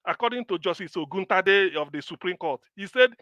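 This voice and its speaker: A man's voice: high-pitched, expressive, brisk, few pauses, sharp tone, no echo, dull audio. A Nigerian man hosting a live stream, lecturing and scolding viewers in impassioned commentary.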